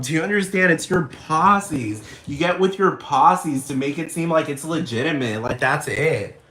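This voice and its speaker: A man rants to his camera in a loose, profane ramble, circling back to the same points and breaking into laughter. His voice sits a little high for a man. The room around him rings with echo. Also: expressive, unhurried, few pauses, bright, forceful tone. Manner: profane, rambling, repeats himself, laughs often. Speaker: vlogger. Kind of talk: casual rant to camera.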